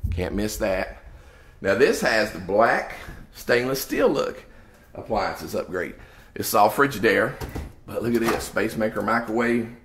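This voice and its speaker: With a handheld 360 camera, a man with a mid-range voice gives an excited, salesy tour of an empty house, exclaiming over its features from room to room like a home salesman. The empty rooms echo, and there's faint noise.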